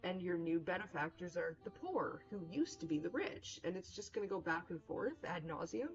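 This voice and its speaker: A woman's voice: lowish voice, animated, normal speed. A young woman streaming a game, rambling and joking casually with lots of fillers. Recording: dull lo-fi with music.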